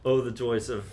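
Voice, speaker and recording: A man teaching a private composition lesson, explaining in a relaxed, chatty way with many ums. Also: medium pitch, slight background noise. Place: university music lesson room.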